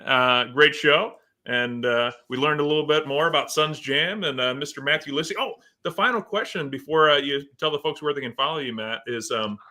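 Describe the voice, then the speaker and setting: A man's voice: a little high, moderate pace, few pauses, pushed and bright. A man hosting a casual sports podcast, laughing often and teasing his guests. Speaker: podcast host.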